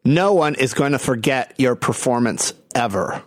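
A man hosting a podcast, speaking in a measured, deliberate, slightly professorial way as he offers reflective comments. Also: mid-range voice, lively intonation.

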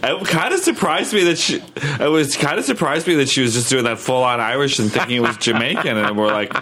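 A man co-hosting a casual chat, telling stories in a relaxed way and laughing along. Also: medium pitch, brisk.

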